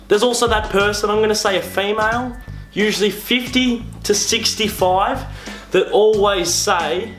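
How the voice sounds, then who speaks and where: A young Australian man delivers a comedic vlog rant with a mocking, exasperated edge. His voice sits fairly high and carries some room echo, with faint music underneath. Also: a bit bright. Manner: exasperated, mocking, quick-talking. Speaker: comedy vlogger.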